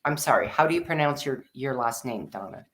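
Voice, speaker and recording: Female co-host, low pitch, chatty and encouraging, casual advice chat. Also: expressive, brisk, fairly bright tone.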